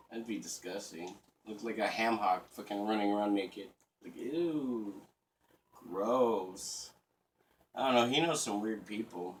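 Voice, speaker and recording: A man's voice: fairly low pitch, a little hiss or hum. A man in his thirties ranting casually in a crude, profane, rambling and sarcastic way. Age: 30s. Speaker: vlogger. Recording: voice a bit distant from the mic.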